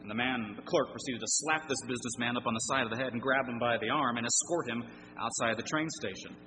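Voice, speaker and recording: A man preaching with an earnest, emphatic delivery, putting questions to his listeners. His voice is bright and forceful, and it rings out with a long hall reverb over a faint hum. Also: medium pitch, quick pace. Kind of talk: sermon.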